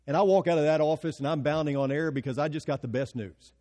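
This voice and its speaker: Man, pastor, sermon, higher-pitched, warm tone, rhetorical questions, long church reverb. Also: fast. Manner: emphatic preaching with rhetorical questions and dramatic drops to quiet.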